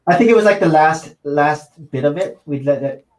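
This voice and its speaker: A man's voice: fairly high pitch, normal speed, darkish tone. A man with a Filipino-Canadian accent hosting a casual stream chat, playful and often laughing. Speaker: stream host.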